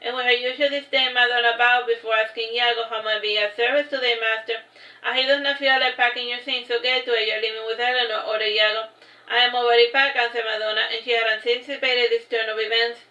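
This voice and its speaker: A woman with a bright, fairly high voice reads a novel aloud in a steady, even tone, stopping now and then for offhand remarks. The sound is roomy and a little dull, like lo-fi stream audio. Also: fast talker. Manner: reads straight on, adding casual asides. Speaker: narrator reading her own book. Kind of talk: livestream read-aloud of a novel.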